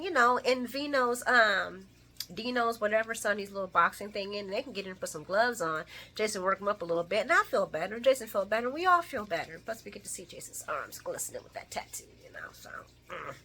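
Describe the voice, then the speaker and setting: Lively, bright-voiced woman recapping soaps. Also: medium pitch. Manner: animated, laughing, talks back to characters. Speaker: soap opera recap host. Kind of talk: casual recap chat.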